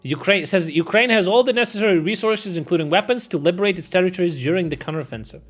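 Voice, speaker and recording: Stumbling over names as he goes, a high-pitched, fast-talking live streamer reads headlines about the war aloud. His commentary is casual and irreverent, peppered with swearing and laughter.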